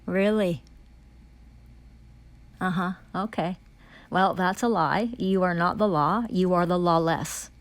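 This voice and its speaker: A woman with a lowish voice takes her time, pausing often, as she gives an enraged testimony. She says she's a foreign diplomat and lashes out with profane accusations, repeating herself and restarting phrases along the way.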